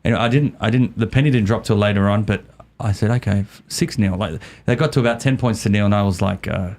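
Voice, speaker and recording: A man with an Australian accent, a podcast guest telling a story in a lively way, often repeating and restarting his words. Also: lowish voice, quick pace. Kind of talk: casual storytelling.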